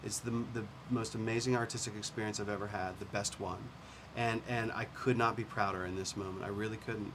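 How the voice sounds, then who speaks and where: Middle-aged director, earnest and halting, low-ish voice, noisy background. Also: male voice, fairly even intonation. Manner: earnest, halting with restarts, laughs easily. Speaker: film director and screenwriter. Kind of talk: casual press-junket chat. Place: hotel room at a press junket. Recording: noisy room ambience.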